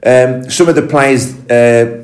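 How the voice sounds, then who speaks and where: Quick-talking male podcast host. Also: mid-range voice, a little mellow. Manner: quick, affirming interjections and plugs. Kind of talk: conversational interview. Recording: echoey room.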